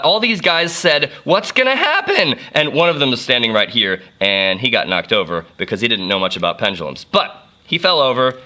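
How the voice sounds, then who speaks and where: A man's voice: medium pitch, pushed and bright. A man giving a casual, jokey physics lesson full of playful asides. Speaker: physics teacher.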